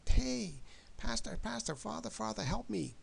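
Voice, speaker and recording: A man's voice: mid-range voice, expressive, normal speed, creaky, slight background noise, pitched above the performer's own voice. A man voicing a panicky man stuck in a grave, pleading for help in a raised voice.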